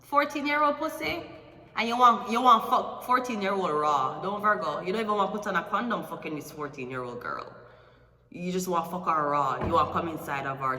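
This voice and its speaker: A woman's voice: fairly low pitch, normal speed, pushed and bright. A young woman with a Jamaican accent doing a tarot reading as a crude, confrontational, swearing rant. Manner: vulgar, confrontational, swears constantly. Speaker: tarot reader. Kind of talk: profane ranting tarot reading. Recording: echoey room from far off the mic.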